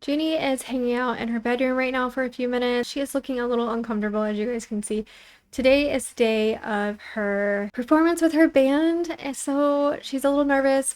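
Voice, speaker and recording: A young woman casually commentating her life-sim let's play, chatty and full of "like" fillers. Her voice sits a little higher than most women's. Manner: chatty, lots of "like" fillers, giggly.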